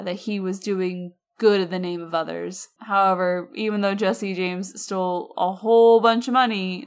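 A woman co-hosting a podcast, telling a history story in a casual, slangy way with chatty asides. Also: mid-range voice. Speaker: podcast co-host.

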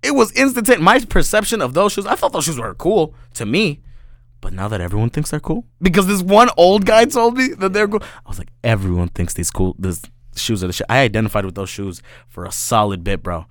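A man's voice: a little high, fairly quick, dry recording, studio quality. A man, a podcast guest, telling a story in casual chat and saying "bro" and "right?" again and again. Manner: animated, peppers speech with "bro" and "right?".

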